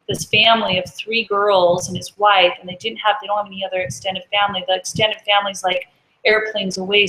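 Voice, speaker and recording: Bright-voiced woman telling a personal story. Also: mid-range voice, echoey room, low-quality recording. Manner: emotional, run-on retelling with quoted dialogue. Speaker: vlogger. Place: at home.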